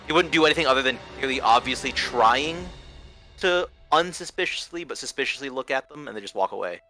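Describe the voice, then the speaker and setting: A man with a bright, forceful voice describes his character's moves in a tabletop game. He rambles loosely, with lots of likes and uhs. Faint music sits underneath. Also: mid-range voice, lively intonation, a little fast. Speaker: player. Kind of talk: casual chat describing a character's actions.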